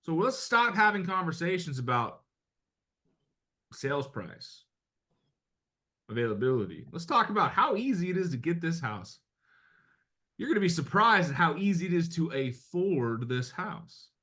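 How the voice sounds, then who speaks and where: With a fairly high, sing-song, sharp-toned voice, he speaks at a moderate pace and pauses often. The speaker, a middle-aged American man, coaches real estate agents in a motivational talk, blunt and conversational with mild swearing.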